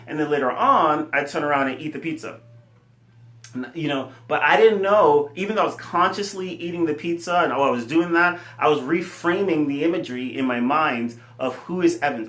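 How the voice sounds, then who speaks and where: A man running a fitness company, giving an earnest, animated motivational talk full of fillers. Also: fairly high pitch, a little fast. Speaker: fitness company CEO and coach. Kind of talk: casual motivational talk to camera. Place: room with his computer. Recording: echoey room.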